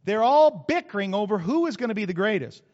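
A middle-aged male pastor preaches with animated energy and sudden loud bursts. His voice sits a bit high for a man. It rings through a long hall reverb on a dull, muffled recording. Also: quick pace. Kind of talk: sermon.

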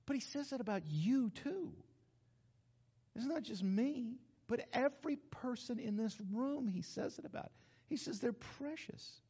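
A man's voice: extremely high pitch, lively intonation, unhurried, dark tone, breathy edge. A male pastor preaching a sermon in a church, emphatic and calling out to the congregation. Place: church sanctuary. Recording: echoey hall, dull lo-fi sound.

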